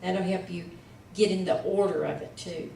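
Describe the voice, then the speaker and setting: Low-pitched and mellow with vocal fry, a female Hebrew teacher speaks at normal speed in fairly even intonation. Patient and slightly tired, she eases her students along with many fillers, recorded from afar in an echoey room with slight background noise.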